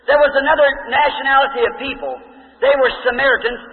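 Folksy preacher, high voice, retelling scripture; tinny and echoey sound. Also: male voice, steady tone, fast. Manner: folksy, conversational, asks the crowd questions. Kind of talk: storytelling sermon.

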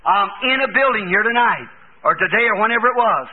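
A man preaching a revival sermon in a church service, fervent and hollering quotes with sudden shouts. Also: high voice, expressive, fairly quick. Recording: tinny lo-fi old tape recording.

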